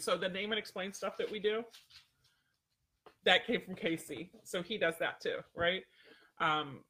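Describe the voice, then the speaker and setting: Bright high-voiced man chatting on a livestream. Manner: rambling, self-interrupting, many fillers. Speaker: dog trainer hosting a livestream. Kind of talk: casual livestream chat with viewers.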